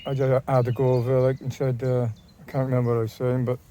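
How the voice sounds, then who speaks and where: A man's voice: medium pitch, little pitch movement, fast talker, mellow, a little hiss or hum. A man vlogging in a casual, rambling way, often repeating and restarting his phrases. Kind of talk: casual talk to camera.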